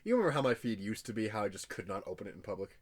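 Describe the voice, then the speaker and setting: A man's voice: on the low side, very animated, rapid-fire, breathy edge. Young guy joking around on a podcast, laughs a lot, voice bounces all over. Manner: joking, laughs often, does silly voices. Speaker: podcast co-host. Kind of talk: casual chat. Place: bedroom.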